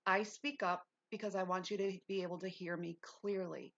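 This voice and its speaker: A woman's voice: fairly low pitch, fairly even intonation, moderate pace, gravelly, fairly bright tone, highs cut off. A woman hosting a casual livestream lesson, reading notes aloud and breaking off into chatty asides. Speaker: livestream host.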